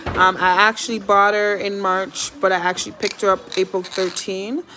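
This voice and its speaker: A woman's voice: medium pitch, little pitch movement, normal speed, pushed and bright, slight background noise. A young woman, chatting casually and rambling to camera at home about her pet parrot.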